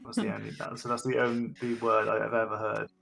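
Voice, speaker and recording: A man's voice: lowish voice, level tone, a little fast, gravelly, a bit bright, soft background music. A man chatting casually on a live stream as game master, rambling and correcting himself as he goes. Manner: rambling, self-correcting, laughs often.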